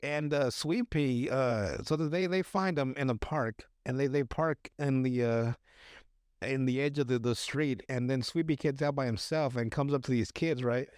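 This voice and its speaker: A man on a podcast casually recapping a movie, profane and animated, acting out the characters' lines as he goes. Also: medium pitch, normal speed, clean tone, dry recording, clean studio sound. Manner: profane, animated retelling with acted-out quotes. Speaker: podcast host.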